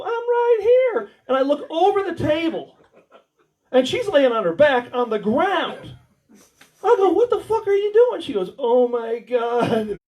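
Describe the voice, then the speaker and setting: High-voiced American man doing stand-up. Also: darkish tone. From United States. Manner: crude, rambling storytelling with audience banter. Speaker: stand-up comedian. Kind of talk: stand-up comedy set. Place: warehouse comedy night. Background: audience laughter.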